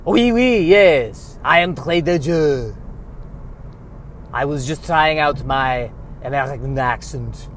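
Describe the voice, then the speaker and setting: A man doing a shifty trader who fakes a French Canadian accent. He speaks slowly, trails off, and keeps hunting for the right English word. There is a faint hum of traffic behind him. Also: a little high, animated, fairly bright tone. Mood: sly. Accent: fake French Canadian. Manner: halting, searching for words.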